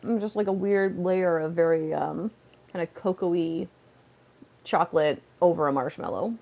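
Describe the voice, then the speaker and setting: A woman's voice: on the low side, moderate pace, creaky, warm tone, lo-fi sound. A woman from Canada chatting casually on a livestream at home, rambling with lots of "like" fillers. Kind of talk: casual chat. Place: at home, seated on a beanbag.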